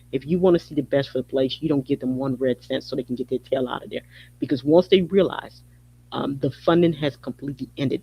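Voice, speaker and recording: A man's voice: mid-range voice, lo-fi sound. A man hosting a podcast, delivering a heated, repetitive rant. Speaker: podcast host. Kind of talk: angry monologue.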